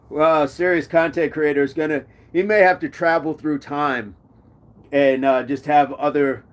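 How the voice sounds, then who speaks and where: A man's voice: a little high, steady tone, slow. Jokey man hosting a live chat. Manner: jokey, reads comments aloud and riffs on them. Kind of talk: casual live chat, reading viewer comments.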